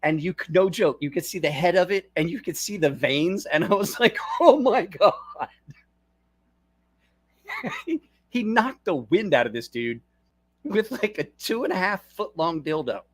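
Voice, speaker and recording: A man's voice: fairly high pitch, expressive, normal speed. A middle-aged man hosting a casual stream from his desk at home, rambling loosely and breaking into laughter while he tells stories. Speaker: channel host. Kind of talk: casual livestream chat and storytelling.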